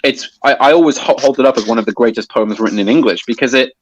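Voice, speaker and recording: A man's voice: medium pitch, quick pace, dry recording, low-quality recording. A man explaining a topic in casual conversation, hesitant with many restarts and fillers. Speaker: guest explaining poetry.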